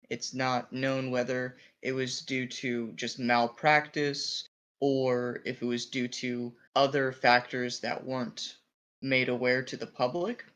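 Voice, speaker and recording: A man co-hosting a podcast who recounts a news story step by step in a measured way. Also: mid-range voice, a bit bright. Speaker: podcast co-host. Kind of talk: political commentary chat.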